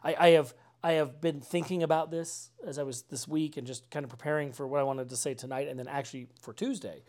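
A man's voice: on the high side, steady tone, quick pace, a little mellow. Male pastor, casual sermon voice, conversational and earnest with a wry streak. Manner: conversational, peppered with "like" and "right?"; earnest, with dry mocking asides. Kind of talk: informal sermon.

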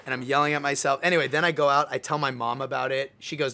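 A bright-voiced young man hosts a relaxed chat. He tells his story with animated energy and acts out his own lines as he goes. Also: mid-range voice, fast talker, gravelly, hardly any pauses. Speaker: podcast host. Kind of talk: casual chat.

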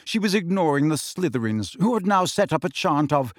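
A male narrator with a fairly high voice that rises and falls with lively expression as he reads the story. The sound is close and completely dry, with no room around it. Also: fairly quick, hardly any pauses, no echo. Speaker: audiobook narrator. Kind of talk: scripted audiobook narration.

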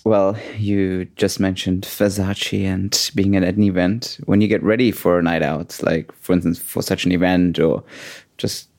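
A man hosting a casual interview, talking in an easygoing, halting way. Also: sits low, fairly even intonation, a little mellow. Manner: halting, easygoing, with fillers and laughs. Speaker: host.

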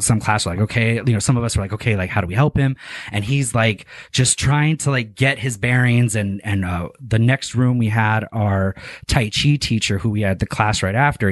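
A man's voice: medium pitch, no room sound. Guy telling a wild story, lots of likes and cussing, dry close sound. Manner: animated, heavy filler words, frequent swearing. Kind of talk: casual storytelling chat.

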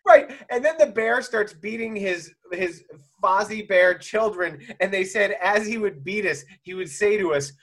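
Man, podcast co-host, very lively pitch, expressive storytelling, mimics characters. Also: unhurried, hardly any pauses. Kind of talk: casual chat.

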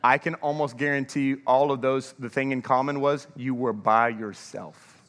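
A male pastor giving an energetic sermon in a large church, drawing the congregation to answer back. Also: mid-range voice, normal speed, long reverb tail. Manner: energetic, calls for congregation response.

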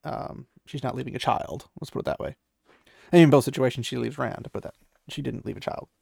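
A man's voice: medium pitch, brisk, gravelly, a little mellow, husky, no room sound, studio quality. A man casually retelling a story and commenting on it, sarcastic and exasperated, laughing often. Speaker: book reaction host.

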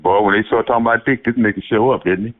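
A man's voice: on the low side, steady tone, very fast, phone-quality sound. A man on a phone chat line trash-talking and telling mocking stories, laughing at his own jokes.

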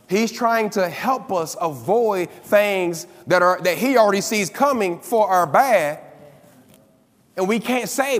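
A man's voice: high-pitched, expressive, a little slow. A man preaching a sermon, emphatic, repeating key lines for effect. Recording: long reverb of a large hall.

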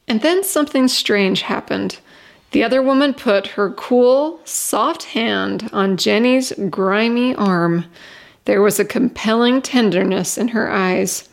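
A woman reading a short story aloud as storyteller, in a steady, expressive voice. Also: mid-range voice, takes it slowly, vocal fry.

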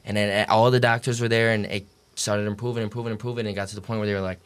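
Brief: young adult male guest, lowish voice, loose and profane storytelling full of filler words. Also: flat delivery, very fast, clear, resonant tone. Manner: profane, rambling, full of "like" and "dude". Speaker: podcast guest. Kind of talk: casual storytelling in an interview.

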